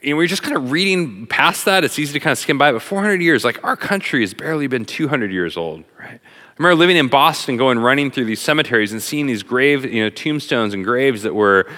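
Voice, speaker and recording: A middle-aged man preaching a sermon as a pastor, talking in an animated, conversational way with plenty of fillers. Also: medium pitch, a little fast. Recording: long hall reverb.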